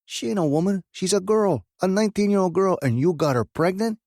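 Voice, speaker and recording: A man voicing a gruff adult male biker who talks in a blunt, growling, threatening way in an audiobook. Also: lowish voice, fairly quick, no room sound, clean studio sound, voice pushed up, natural voice. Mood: furious.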